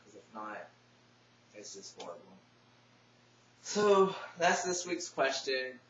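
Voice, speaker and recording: A young man telling a personal story to his vlog audience, soft-spoken and emotional, teary at times. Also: mid-range voice, big pitch swings, takes it slowly. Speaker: vlogger. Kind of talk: casual personal storytelling to camera. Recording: echoey, distant, dull webcam audio with faint hum.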